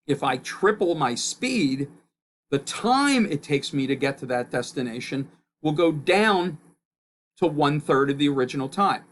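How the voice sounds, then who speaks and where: A man teaching a recorded physics course in a loud, emphatic explaining voice, his pitch jumping up on key points. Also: animated, unhurried, a little hiss or hum. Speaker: physics instructor.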